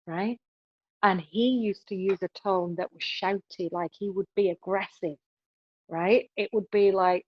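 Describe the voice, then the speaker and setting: A woman's voice: medium pitch, steady tone, unhurried, no echo, lo-fi sound. A woman being interviewed on a podcast, giving relationship advice in an emphatic way and often adding "right?" to her points. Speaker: podcast guest.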